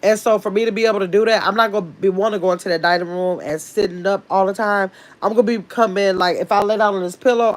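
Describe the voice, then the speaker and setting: A woman hosting a casual livestream from her bed at home, reading out viewer comments and greeting people by name in a loose, chatty way. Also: mid-range voice. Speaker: livestream host.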